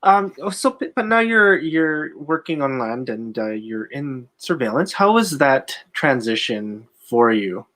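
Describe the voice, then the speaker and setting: A man co-hosting a podcast, asking a guest questions in a halting, casual way. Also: mid-range voice, sing-song, fairly bright tone. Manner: halting, filler-heavy questions. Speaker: podcast co-host.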